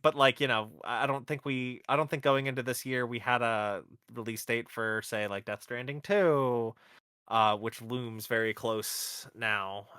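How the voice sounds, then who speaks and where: Bright-voiced male podcast host. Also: mid-range voice, fairly even intonation, measured pace, clear, resonant tone, dry recording, studio quality. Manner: rambling, self-correcting. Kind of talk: casual chat.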